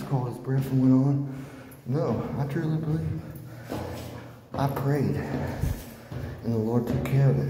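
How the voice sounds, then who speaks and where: A man talking and praying earnestly while walking up stairs, out of breath from climbing, encouraging his viewers. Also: medium pitch. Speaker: vlogger. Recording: echoey long reverb with loud ambient noise.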